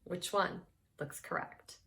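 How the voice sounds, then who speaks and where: A woman teaching a children's phonics lesson, sounding out words clearly and cheering the learner on. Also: slow, bright, forceful tone.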